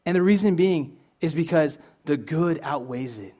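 A man's voice: on the high side, expressive, moderate pace, warm tone. A young man preaching a sermon in an earnest, conversational way, asking his listeners questions.

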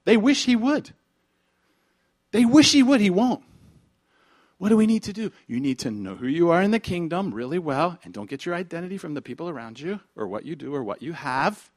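A man's voice: on the high side, very animated, fairly quick. A middle-aged man preaching a sermon as pastor, telling stories animatedly, acting out dialogue and dropping at times into whispers.

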